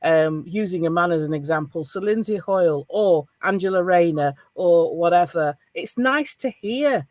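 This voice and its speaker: A middle-aged woman with a Northern English accent hosting a podcast roundtable over a video call, chatting in a casual, animated way. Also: on the low side, normal speed, few pauses, no echo. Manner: animated, laughing, encouraging. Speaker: podcast host.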